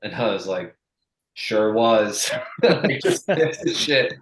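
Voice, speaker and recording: A young adult man, a strength coach, telling a profane, animated story in casual chat and acting out the people he quotes. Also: medium pitch, measured pace, reverberant, low-quality recording.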